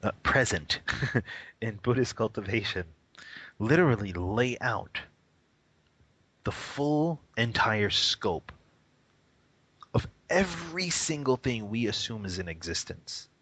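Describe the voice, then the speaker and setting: A man's voice: fairly low pitch, animated, takes it slowly, pauses often, fairly bright tone, breathy edge, no room sound, poor audio. A man speaking as a guest in a radio interview, explaining Buddhist practice earnestly and emphatically, repeating words as he searches for them.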